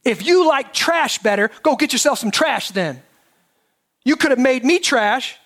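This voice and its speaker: A man voicing a respectable Southern farm woman who rails at God in fierce, shouted outbursts. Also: high-pitched, fairly even intonation, fast talker. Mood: indignant.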